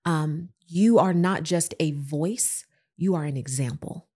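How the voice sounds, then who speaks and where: A woman guest who preaches, talking in an emphatic, encouraging way and dropping to a hush for quoted words. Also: deep voice, slow, slightly rough. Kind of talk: encouraging conversation.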